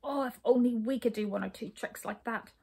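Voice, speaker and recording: A woman doing a high, cocky little brownie. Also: gravelly, dark tone, breathy edge. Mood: eager. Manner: quick, high and insistent. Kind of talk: storybook reading.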